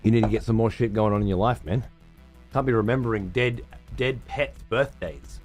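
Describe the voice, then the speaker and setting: A man's voice: on the low side, moderate pace, a little mellow, soft background music. A man hosting a livestream from his room at home, chatting casually with viewers in profane, sarcastic banter. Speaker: livestream host.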